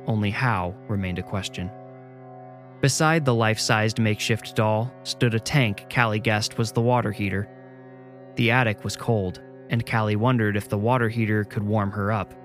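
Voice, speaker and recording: A man narrating a scripted horror story in a measured, suspenseful way. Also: lowish voice, steady tone, soft background music.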